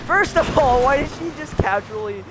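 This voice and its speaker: A man's voice: very high voice, animated, normal speed, a crowd in the background, poor audio. A man co-hosting a podcast, telling a story in a rambling, casual way, full of fillers and bursts of laughter. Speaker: podcast co-host.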